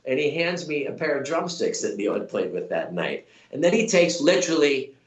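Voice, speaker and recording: Animated man telling a story, roomy echo. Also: fairly high pitch, normal speed. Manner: animated, many restarts and quoted voices. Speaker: actor guest. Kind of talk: casual storytelling.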